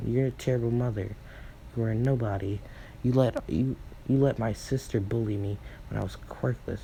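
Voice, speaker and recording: A man improvising a fan story aloud, rambling with many fillers and self-corrections, and acting out characters' lines in quick asides. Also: mid-range voice, steady tone, creaky, warm tone, slight background noise, rough recording. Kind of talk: improvised fan-fiction retelling.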